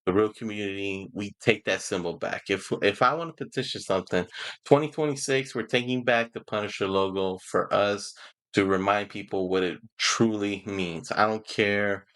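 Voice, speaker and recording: A man's voice: on the low side, moderate pace, a bit bright. A man reviewing a TV show in a casual, rambling way, often laughing and getting emotional. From Houston, Texas. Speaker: movie and TV reviewer.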